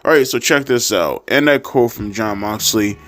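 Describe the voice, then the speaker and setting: A man's voice: fairly low pitch, moderate pace, fairly bright tone. A man hosting his own channel, ranting to camera about pro wrestling in a blunt, profane and sarcastic way. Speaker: wrestling commentary vlogger. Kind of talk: casual rant to camera.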